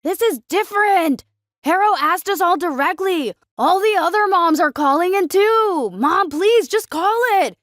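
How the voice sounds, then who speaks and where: A woman's voice: very high voice, lively intonation, measured pace, fairly bright tone, dry recording, clean studio sound, voice pushed up, full character voice. A woman voicing a teenage boy urgently pleading with his mother, in a storybook narration.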